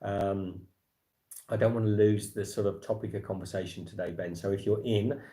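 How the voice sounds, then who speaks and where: A man's voice: lowish voice, steady tone, moderate pace, warm tone. A man with an English accent hosting a casual livestream chat, rambling with lots of fillers and restarts. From England. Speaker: livestream host.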